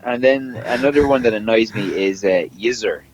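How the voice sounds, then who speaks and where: A man's voice: lowish voice, moderate pace, a little mellow, no echo, poor audio. An Irish man co-hosting a podcast, teasing and stubbornly sticking to his claims in casual chat. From Ireland. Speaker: podcast co-host.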